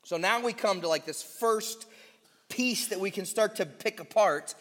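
A man with a high-pitched voice delivers a sermon at an unhurried pace, stretching out the key phrases for emphasis. His voice rings with a long reverb, as in a church sanctuary. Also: fairly bright tone. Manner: slow, emphatic preaching, drawing out key phrases. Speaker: pastor.

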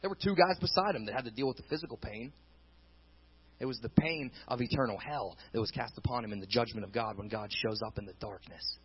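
A man preaching a sermon with dramatic swings between loud intensity and quiet emphasis. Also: mid-range voice, fast, husky, highs cut off. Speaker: pastor.

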